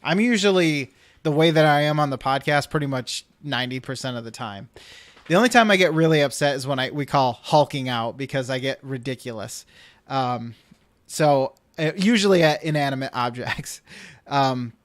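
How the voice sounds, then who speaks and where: A man's voice: medium pitch, moderate pace, no room sound. A man hosting a podcast, telling a long rambling anecdote in casual chat and acting out what people said. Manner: rambling storyteller, acts out quotes. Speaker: podcast host.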